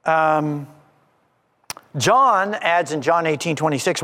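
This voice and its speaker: A male preacher giving an expository sermon in a church, animated and emphatic, often repeating his points. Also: high-pitched, measured pace, long pauses, in a large hall.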